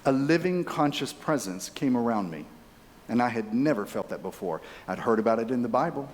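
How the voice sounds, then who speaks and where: A man in his fifties tells a personal story at a conference keynote. His mid-pitched voice is chatty and animated, and he talks straight to the crowd. It rings out with a long reverb through a large hall. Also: fairly quick. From Texas. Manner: animated, chatty, addresses audience directly. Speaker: keynote speaker.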